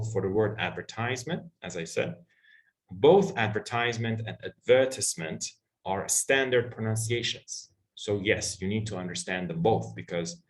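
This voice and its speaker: Iranian man explaining on a video call. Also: on the low side. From Iran. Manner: explanatory, patient, with many fillers. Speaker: English teacher. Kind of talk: online Q&A answering students.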